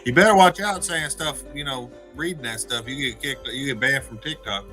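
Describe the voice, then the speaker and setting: A man's voice: mid-range voice, normal speed, sharp tone, soft background music. A man joining a casual live chat, talking bluntly and swearing freely.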